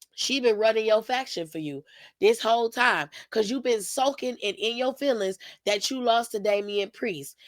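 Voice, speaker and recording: A woman's voice: a little high, a bit bright, no room sound, rough recording. A woman hosting her own wrestling recap show, talking sassy and gossipy in a slangy way with lots of asides to her viewers. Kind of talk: casual recap commentary to camera.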